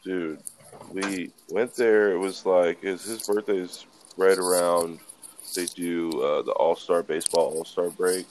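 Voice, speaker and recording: Young podcast guy, real deep voice, rambles, swears a lot, casual chat. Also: steady tone, unhurried, slight background noise. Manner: rambling storyteller, lots of swearing and fillers. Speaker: podcast co-host.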